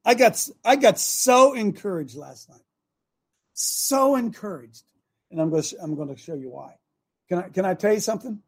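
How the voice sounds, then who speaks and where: A man hosting a talk show in a casual, opinionated way, animated, with loud bursts and repeated phrases. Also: high voice, normal speed, slightly rough. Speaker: host.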